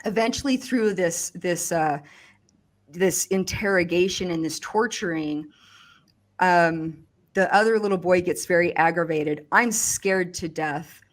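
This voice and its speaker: A woman recounting a personal experience in conversation, speaking haltingly with frequent restarts and fillers. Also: on the low side. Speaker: survivor giving testimony.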